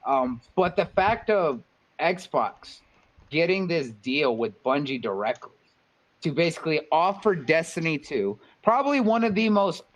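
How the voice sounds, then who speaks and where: A man on a casual gaming podcast giving his take in a measured, hesitant way with plenty of ums. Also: a little high, big pitch swings, poor audio.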